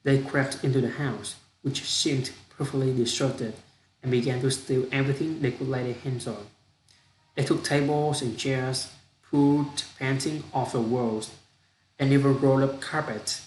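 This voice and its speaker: A man reading a story aloud haltingly, restarting phrases with fillers, in an echoey room. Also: mid-range voice, fairly even intonation, a little mellow. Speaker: reader practicing storytelling. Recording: echoey room with faint hiss.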